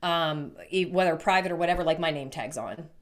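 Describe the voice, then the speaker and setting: A woman's voice: sits low, brisk. A woman co-hosting a business podcast in casual chat, talking loosely with lots of "like" fillers. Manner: chatty, frequent "like" fillers. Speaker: podcast co-host.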